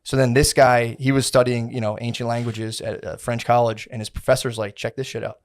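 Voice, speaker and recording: A man's voice: mid-range voice, flat delivery, a little fast. Slangy, rambling male podcast co-host. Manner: rambling, slangy, profane, acts out quotes. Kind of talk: casual storytelling chat.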